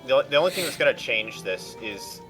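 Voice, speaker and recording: A man's voice: medium pitch, expressive, a bit bright, faint music behind. A man chatting with a streamer over voice chat, often restarting his sentences as he builds his point. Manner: halting, restarts often while building an argument. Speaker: voice chat guest. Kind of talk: casual chat.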